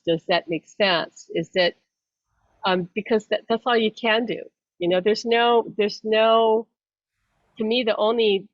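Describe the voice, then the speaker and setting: A woman's voice: medium pitch, dry recording. A woman psychic medium talks through her ideas in a loose, rambling way. She trips over restarts and laughs as she goes. The audio is dull and lo-fi, with a dry, close sound. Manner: rambling, self-interrupting, laughs often. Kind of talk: casual explanatory chat.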